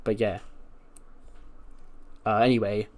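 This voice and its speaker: A man casually narrating a wrestling management game playthrough, chatty and relaxed with frequent fillers. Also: on the low side, slow pace. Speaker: game streamer.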